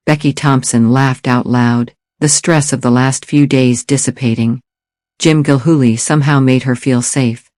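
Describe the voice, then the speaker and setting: A man narrating an audiobook thriller in steady, even storytelling. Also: medium pitch, measured pace, no echo, clean studio sound. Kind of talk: scripted narration.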